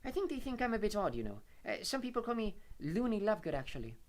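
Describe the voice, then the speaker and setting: A man's voice: sits high, fast, pitched above the performer's own voice. Brief: man doing an airy, unbothered teen girl, raised and light, melodic. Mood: serene. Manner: vague, calm, airy. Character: dreamy, serene teenage girl, odd and unbothered. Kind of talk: audiobook character voice.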